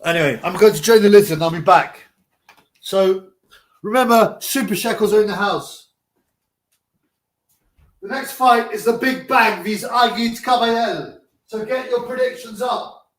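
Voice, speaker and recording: A man's voice: high voice, moderate pace, long pauses. A man hosting a casual live boxing chat, rambling and blunt with slang. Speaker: livestream host.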